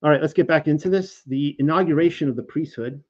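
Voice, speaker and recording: A man hosting an informal Bible study, reading passages aloud and commenting in a casual, animated way with frequent restarts. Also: fairly high pitch, quick pace. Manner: casual, animated, stumbles over names and restarts. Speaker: Bible teacher and show host. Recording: slightly dull lo-fi audio.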